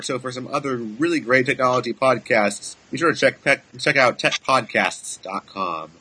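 Male podcast co-host, bright husky voice, casual and chatty. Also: medium pitch, normal speed, hardly any pauses. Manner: chatty, laughs easily, loose restarts. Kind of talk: casual tech podcast chat.

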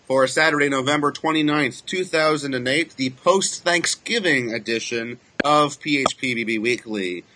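Bright, chatty male podcast host. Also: medium pitch, slight background noise. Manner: chatty, laughs easily, reads sponsor copy briskly. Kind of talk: casual live podcast chat. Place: San Francisco studio.

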